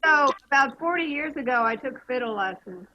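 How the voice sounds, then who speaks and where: A woman's voice: sits high, expressive, a little fast, highs cut off. A woman at an online open mic, chatting in a rambling, self-deprecating way over a video call. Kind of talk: casual chat.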